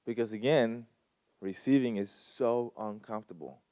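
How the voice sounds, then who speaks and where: A man's voice: lowish voice, normal speed, warm tone, no echo. Man, earnest, repetitive emphasis, testimony talk, dry close sound. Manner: earnest, repeats phrases for emphasis. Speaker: guest speaker at a Sunday service. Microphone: handheld mic.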